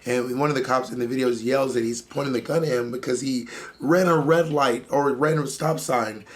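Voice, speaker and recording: A man's voice: medium pitch, steady tone, normal speed. A man co-hosting a podcast, speaking in an impassioned, blunt way and swearing freely. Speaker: podcast co-host. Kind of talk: emotional podcast discussion.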